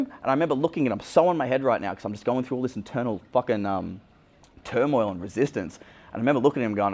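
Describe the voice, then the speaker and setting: Brief: young Australian male dating coach, candid vlog monologue, low-ish voice, blunt. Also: rapid-fire, gravelly, a little mellow. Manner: casual, blunt, swears freely.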